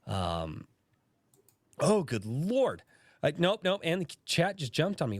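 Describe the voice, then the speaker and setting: A man's voice: on the high side, wildly swooping pitch, normal speed, a little mellow, no echo, studio quality. A man hosting a casual livestream podcast, sick with a sore throat and cough, greeting viewers by name and laughing through his coughing. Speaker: podcast host.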